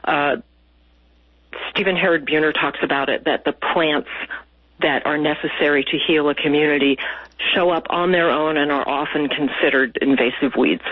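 Husky-voiced female guest, earnest and heartfelt, dry dull radio sound. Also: low-pitched, steady tone, moderate pace, no room sound. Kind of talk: casual radio interview.

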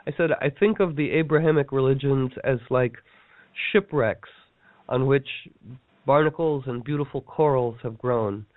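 A man teaching a workshop in a casual storytelling talk, animated and playful, acting out the people he quotes. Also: mid-range voice, moderate pace, no echo. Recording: dry tinny phone-like line.

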